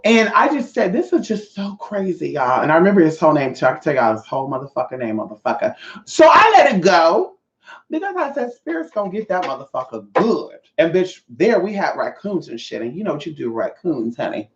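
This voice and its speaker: A young woman vlogger telling a profane, animated storytime monologue straight to her viewers. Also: sits low, quick pace, slight background noise. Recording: roomy, slightly dull audio.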